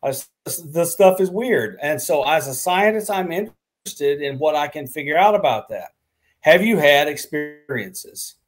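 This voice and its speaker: A man's voice: fairly high pitch, expressive, soft background music. Chatty male scientist guest. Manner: chatty, halting, with repeated words. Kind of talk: casual talk show conversation.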